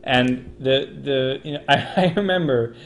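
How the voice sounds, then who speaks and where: A man co-hosting a casual gaming chat, halting and restarting as he talks, with many "like"s. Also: medium pitch, a little hiss or hum. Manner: halting, lots of "like" and restarts, laughs through lines. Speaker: show host.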